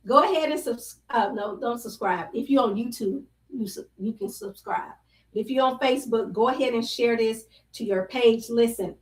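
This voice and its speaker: A woman's voice: sits high, pushed and bright, far from the mic. A woman hosting a live show, chatting casually and exuberantly greeting viewers by name, now and then breaking into song. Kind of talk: casual live-stream chat. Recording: roomy echo, voice somewhat off-mic.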